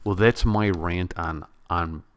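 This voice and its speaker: A man vlogging at home, ranting to his viewers in a casual, animated way and repeating himself for emphasis. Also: sits low, slow pace, slight background noise. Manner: animated, repetitive, addresses viewers directly. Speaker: YouTube vlogger. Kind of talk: casual on-camera rant. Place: home room near a bedroom.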